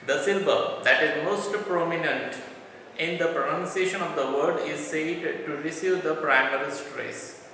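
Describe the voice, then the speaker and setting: A man from India teaching a college English lesson, explaining terms slowly and often restarting or repeating words. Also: fairly high pitch, bright, forceful tone, a little hiss or hum. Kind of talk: classroom lecture. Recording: echoey room, from a distance, faint ambience.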